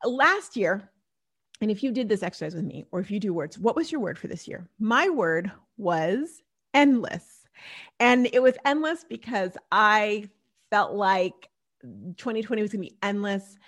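A woman's voice: mid-range voice, expressive, normal speed, a bit bright. A woman hosting her own podcast, talking alone in a bubbly, chatty way and laughing often at herself. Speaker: podcast host. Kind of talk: casual solo podcast monologue.

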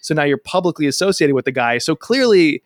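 A man hosting a podcast, asking measured, probing questions in casual conversation. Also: on the high side, sing-song, no echo, studio quality. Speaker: podcast host. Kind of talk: casual interview.

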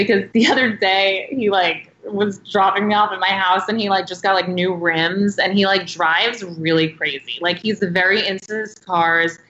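A woman's voice: medium pitch, bright, forceful tone, echoey room, highs cut off. Chatty woman in her late thirties. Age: late 30s. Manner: chatty storyteller, heavy use of "like". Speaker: podcast guest. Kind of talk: casual interview chat.

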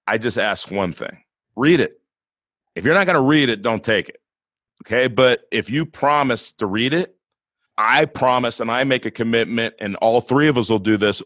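A man's voice: mid-range voice, fairly bright tone, dry recording. A man hosting a podcast in a casual, earnest and enthusiastic way. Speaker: podcast host.

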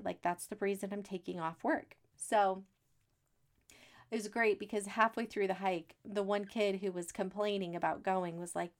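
A woman, hosting a podcast in a chatty, upbeat way with folksy asides and frequent laughs. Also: mid-range voice. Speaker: podcast host. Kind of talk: casual solo podcast talk.

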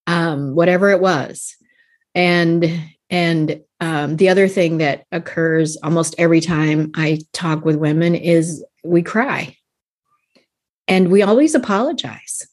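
A woman's voice: fairly low pitch, unhurried, darkish tone. A woman in her fifties, a life coach guest on a podcast, talking earnestly and casually and laughing often between thoughts. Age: 50s.

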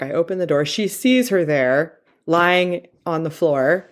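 A woman's voice: fairly low pitch, measured pace. A woman in her forties telling a personal story in a candid, confessional way, with plenty of fillers. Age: 40s.

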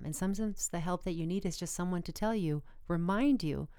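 A woman's voice: fairly low pitch, brisk, dark tone, clear, resonant tone, no room sound, studio quality. A woman speaking earnestly as a podcast guest, encouraging listeners. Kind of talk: motivational podcast conversation.

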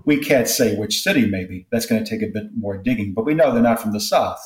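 A man's voice: fairly low pitch, animated, a little fast. A man who is a linguistics expert, explaining points in an interview in a lecturing way and giving spoken examples. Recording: roomy echo.

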